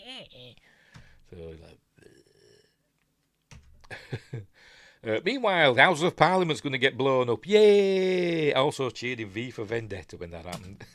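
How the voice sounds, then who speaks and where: A man's voice: lowish voice, fairly bright tone, dry recording. A man with a Yorkshire accent rambling casually through a film breakdown, often trailing off and mumbling asides. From England. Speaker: film reviewer.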